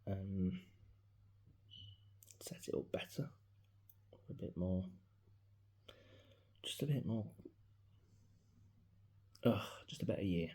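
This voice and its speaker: A man, talking casually and reflectively into his phone in a personal vlog, his voice often dropping to a soft mutter. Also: low voice, lively intonation, slow pace, pauses often. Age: 40s. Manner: rambling, reflective, grieving, drops into soft mutters. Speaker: vlogger. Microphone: mobile phone.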